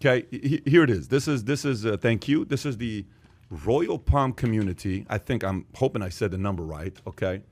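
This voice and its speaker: A man hosting a podcast in casual chat, animated, who repeats his points for emphasis and acts out the voices of people he quotes. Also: fairly low pitch, moderate pace. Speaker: podcast host.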